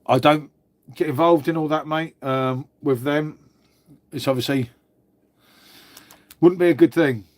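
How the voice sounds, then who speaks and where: A man's voice: fairly high pitch, steady tone, measured pace, long pauses, no room sound. Chatty middle-aged English man, dry sound. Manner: chatty, matey, says "mate" a lot. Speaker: livestream host. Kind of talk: casual live chat reading viewer comments.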